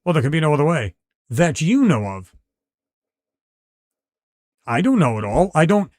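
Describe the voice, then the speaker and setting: A man's voice: on the high side, sing-song, moderate pace, darkish tone, no room sound, clean studio sound. A middle-aged man hosting a live podcast, chatting casually and reading out viewer comments in a rambling way with many restarts.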